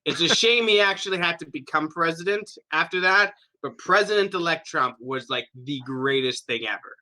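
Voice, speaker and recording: A man's voice: fairly high pitch, lively intonation, moderate pace. A young man co-hosting a podcast, chatting casually with profane, laughing rants. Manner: loud, profane, laughing, mock voices. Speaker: podcast co-host. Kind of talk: casual comedic chat.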